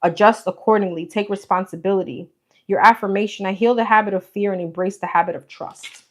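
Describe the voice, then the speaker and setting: A woman's voice: medium pitch, steady tone, brisk. Female tarot reader, New York accent, casual and talkative, phone mic in a roomy space. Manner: chatty, addresses viewers as girl and guys. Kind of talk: live-stream tarot reading. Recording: echoey room, faint hiss.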